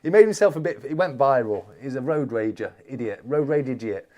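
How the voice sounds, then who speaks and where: A man's voice: medium pitch, animated, a little fast, dark tone. Chatty man hosting a live stream. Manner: chatty and jokey, calls viewers mate. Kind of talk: casual live stream chat reading viewer comments.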